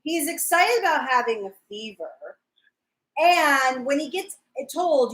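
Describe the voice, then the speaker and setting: A woman's voice: high voice, very animated, measured pace, a bit bright, roomy sound, poor audio. A woman co-hosting a casual fan discussion livestream, chatty and recapping scenes with quoted lines. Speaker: podcast co-host.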